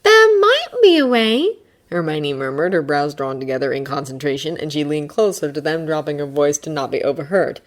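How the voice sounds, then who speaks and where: A woman reading fan fiction aloud as storybook narration, expressive and animated. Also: sits low, fairly quick, hardly any pauses.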